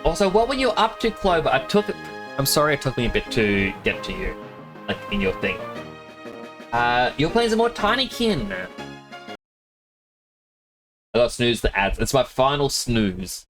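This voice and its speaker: A young Australian man chatting on a live stream, his voice rising and falling a great deal as he rambles and laughs between thoughts. His accent is a loose Australian mix, and game music plays clearly underneath him. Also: medium pitch, sing-song, a little slow, pauses often, low-quality recording. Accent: Australian, mixed. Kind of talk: casual live-stream chat.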